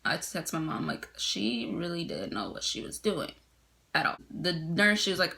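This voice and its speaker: Bright-voiced young woman telling a storytime. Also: deep voice, big pitch swings, moderate pace, creaky. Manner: chatty, laughs often, frequent "like" fillers. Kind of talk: casual storytime.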